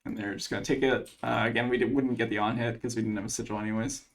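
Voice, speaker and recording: A man's voice: medium pitch, fairly even intonation, fast. A man commentating his own card game match, thinking aloud as he weighs each play, with plenty of fillers. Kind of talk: casual gameplay commentary.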